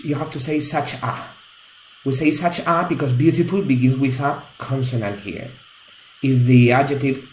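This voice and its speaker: Slow, patient male English teacher. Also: mid-range voice, reverberant, slight background noise, rough recording. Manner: patient, explains step by step. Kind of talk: grammar lesson.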